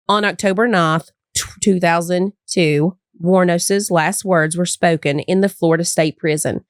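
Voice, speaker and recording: A woman with a slightly low voice talks on a dry, close podcast mic. She shifts between loose, filler-heavy chat and reading case notes aloud. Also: fairly even intonation, unhurried, few pauses, no echo. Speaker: podcast co-host. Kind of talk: casual true-crime chat.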